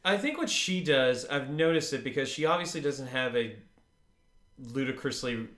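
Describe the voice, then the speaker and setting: A man's voice: mid-range voice, animated, normal speed, a bit bright. Rambling man in an echoey room. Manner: rambling, with many fillers and wry jokes. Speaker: podcast co-host. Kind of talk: casual chat recapping a TV episode.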